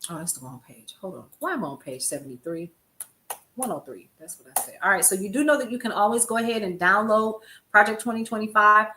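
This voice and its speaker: A woman's voice: medium pitch, expressive, fast, pushed and bright, echoey room, slight background noise. An older woman, a grandmother, hosting a casual news commentary stream, chatty and laughing often as she talks to her viewers. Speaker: host.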